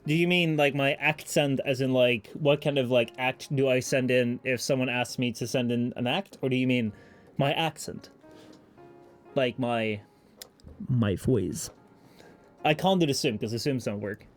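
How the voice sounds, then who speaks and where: A man's voice: medium pitch, a little slow. Guy from holland streaming, loose rambly chat, swears a lot, music playing behind. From Netherlands. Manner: rambling, swearing, self-mocking. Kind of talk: casual livestream chat.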